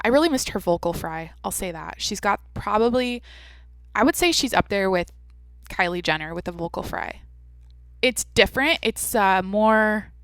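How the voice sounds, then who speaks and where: A woman's voice: mid-range voice, fairly bright tone, dry recording. A woman hosting her own podcast in a casual, rambling way, with a nasal, slightly congested voice and a joking, profane manner. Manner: rambling, chatty, profane and self-mocking. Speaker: podcast host. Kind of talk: casual solo podcast chat.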